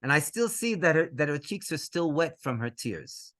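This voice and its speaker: A male rabbi telling a story in a lively way, mixing in Hebrew phrases and laughing between lines. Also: on the high side, moderate pace. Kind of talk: storytelling to an audience.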